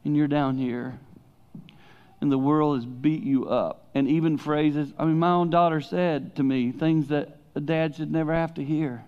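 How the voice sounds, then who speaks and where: A middle-aged man preaching a sermon in a church, telling candid stories in an animated way and breaking into sudden high-pitched outbursts. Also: normal speed, dull audio.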